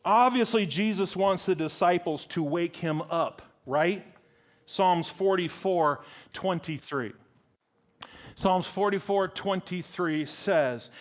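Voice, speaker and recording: A middle-aged man preaching a sermon, animated and acting out dialogue in different voices. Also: takes it slowly. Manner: animated, acts out dialogue with big pitch swings.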